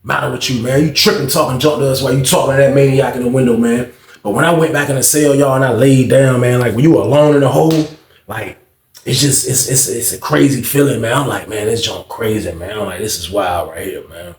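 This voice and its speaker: A young man casually telling a story in slang, animated and acting out the voices of others. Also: mid-range voice, a little fast, reverberant.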